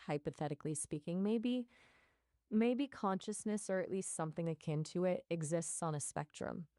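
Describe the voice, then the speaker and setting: Soothing low-voiced AI woman, dry. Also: a little mellow, no echo. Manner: apologetic, soothing, explanatory. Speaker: AI voice assistant. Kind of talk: conversational AI chat.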